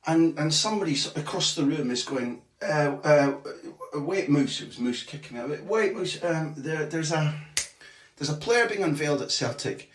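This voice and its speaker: On a casual podcast, a football journalist speaks at a medium pitch, swearing freely, restarting frequently and animatedly acting out quotes as he tells his story. He's far from the mic, on a remote call in an echoey little bathroom at home.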